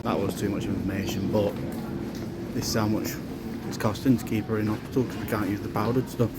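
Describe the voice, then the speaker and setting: A man's voice: lowish voice, little pitch movement, fairly quick, very noisy. A young man, a new dad, recording a casual video diary, sounding exhausted and frustrated as he vents. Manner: frustrated, venting about hospital care. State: exhausted, low on energy.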